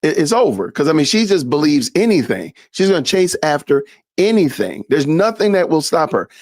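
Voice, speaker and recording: A man's voice: fairly high pitch, sing-song, normal speed, darkish tone, dry recording, studio quality. A man giving casual reaction commentary, incredulous and laughing, with folksy asides. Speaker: commentary streamer.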